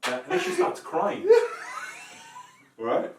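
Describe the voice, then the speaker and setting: High-pitched and slow, this male podcast co-host spins a profanity-laced, animated story, voicing what each person said. There's background noise, and the mic sits a bit far off in a roomy-sounding room.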